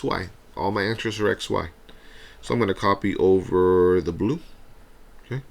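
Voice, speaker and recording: In a recorded math review video, a man with a deep voice, some vocal fry, and a fairly bright tone works through a problem one step at a time. He stays conversational and patient, often adding "right?" to check in with viewers.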